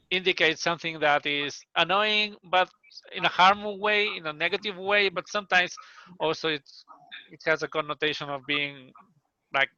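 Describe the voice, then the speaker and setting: A man's voice: a little high, sharp tone, no echo. A man hosting an online speaking club meeting, chatty and self-deprecating, talking over a computer mic on a call. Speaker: meeting host. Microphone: computer mic on video call. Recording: dry, slightly dull call audio.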